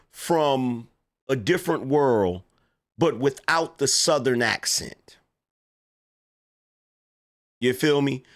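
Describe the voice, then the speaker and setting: A man's voice: medium pitch, fairly bright tone. A man giving mocking, sarcastic online political commentary that rambles and stammers through restarts.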